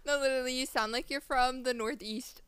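A young woman co-hosting a podcast, chiming in quickly in a casual chat. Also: sits high, steady tone, a bit bright, smooth, dry recording. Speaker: podcast co-host.

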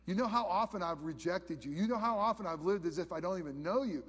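A man preaching from the pulpit in a high voice, swinging between loud emphatic bursts and hushed questions. He restarts phrases often as he presses his point. His voice carries a long reverb, as if in a large hall. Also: moderate pace. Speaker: pastor. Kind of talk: sermon.

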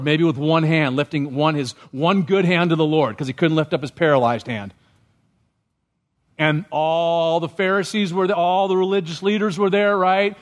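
Preaching man, somewhat high voice. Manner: asks the congregation questions, rising when stirred. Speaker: pastor. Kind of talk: sermon.

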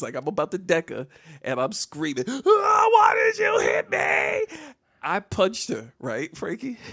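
A man's voice: medium pitch, no room sound, studio quality. A man telling a comedic story on a podcast. He laughs often and acts out the voices and sounds of other people.

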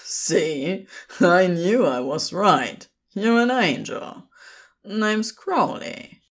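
A woman's voice: fairly low pitch, big pitch swings, extremely slow, heavily acted. A woman doing a sullen, drawling young man.

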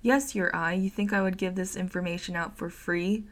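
A woman's voice: on the low side, steady tone, moderate pace, natural voice. A woman voicing a grumpy, reclusive male head-creature that collects eyes, speaking in an annoyed, judgmental way. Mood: sly.

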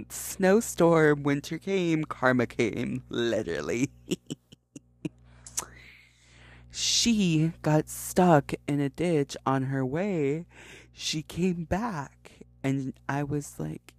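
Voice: mid-range voice, expressive, very slow, pauses often, dry recording, soft background music. A young adult host telling a comic story in casual talk, swearing freely and repeating phrases for emphasis. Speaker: podcast host.

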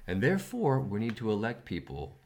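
A man's voice: on the low side, wildly swooping pitch, fairly quick, a little mellow. A man co-hosting a casual commentary chat, telling stories in an earnest, preachy way.

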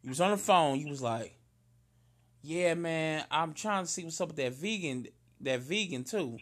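St dude riffing with his cousin, loud and animated, slightly high voice. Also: normal speed. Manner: loud, animated storyteller, slangy and emphatic. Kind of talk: casual chat between cousins.

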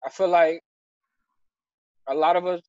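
A man giving an emotional personal testimony in conversation, earnest and halting, stumbling over restarts and near tears. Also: on the high side, fairly even intonation, darkish tone, no room sound, dull audio. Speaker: church member sharing his story.

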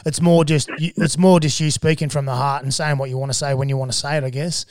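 A man's voice: fairly high pitch, fairly even intonation, fast talker, a crowd in the background. An Australian man hosting a casual podcast interview, chatty and encouraging, often calling his guest mate or bro. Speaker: podcast host.

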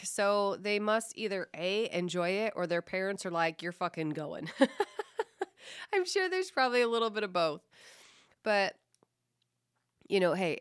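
A low-pitched woman with a smooth, resonant voice talks straight into a dry, close mic. She hosts her own podcast in a casual, profane and self-mocking way, joking about the kids she coaches. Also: no room sound. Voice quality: voice described as a radio voice. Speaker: podcast host. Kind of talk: casual solo podcast monologue.

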